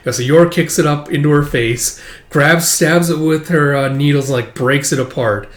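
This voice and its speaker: A man chatting casually as he recaps a manga, rambling with plenty of likes and uhs and the odd curse. His voice sits a little high for a man. It sounds like it was recorded in a room with noticeable echo. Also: normal speed. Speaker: manga reader and commentator. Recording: roomy echo.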